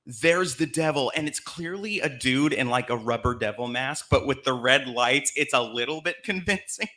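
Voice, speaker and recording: Bright, chatty male storyteller from Alabama. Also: a little high. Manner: chatty, laughing as he tells it. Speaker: host. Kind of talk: comedic live storytelling. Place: live theater stage.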